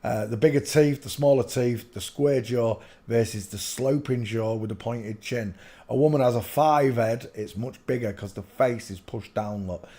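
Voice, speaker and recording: Guy rambling on his livestream at home, goes loud out of nowhere. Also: mid-range voice, moderate pace. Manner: rambling, with sudden loud outbursts. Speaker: livestream host. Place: home room with a projector.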